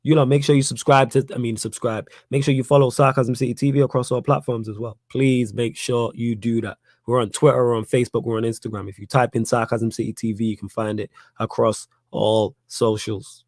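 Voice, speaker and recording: A man's voice: medium pitch, flat delivery, brisk, few pauses, a little mellow, dry recording. A young man with a Manchester accent hosting a live fan Q&A stream, blunt and repetitive, getting heated as he argues his points. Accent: Manchester English. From Manchester, England. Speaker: fan channel host.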